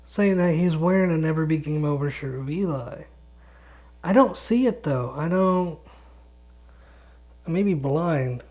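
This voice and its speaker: Young male solo podcaster, drowsy and rambling, swears freely, slow delivery, muffled lo-fi home mic. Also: a little high, expressive, a little mellow. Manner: rambling, swears a lot, chuckles often, loses his thread. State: sleepy, yawning. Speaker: podcast host and gaming YouTuber. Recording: dull lo-fi home recording.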